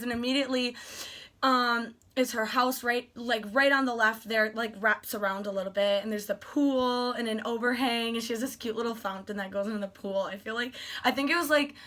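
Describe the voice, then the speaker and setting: Young woman, vlogger, fairly high voice, bright, excited, chatty. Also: a little fast. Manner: excited, gushing, acts out quoted dialogue. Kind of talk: casual storytelling vlog.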